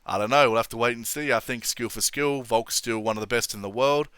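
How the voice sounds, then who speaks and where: A man's voice: medium pitch, brisk, fairly bright tone, clear, resonant tone, no room sound, studio quality. A young man hosting a casual MMA opinion vlog, blunt and sweary, laughing often. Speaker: MMA commentary channel host.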